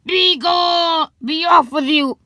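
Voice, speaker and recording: A woman's voice: sits high, takes it slowly, sharp tone, dry recording, heavily acted. A woman voicing a stern old witch lady who scolds and barks orders at children. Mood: scolding.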